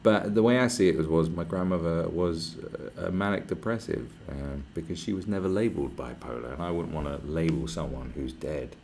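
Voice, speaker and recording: A man with a low, slightly mellow voice talks a little fast with hardly any pauses, slight background noise behind him. Livestreaming from a place he is staying rather than his home, he rambles and swears freely while reading out viewer messages.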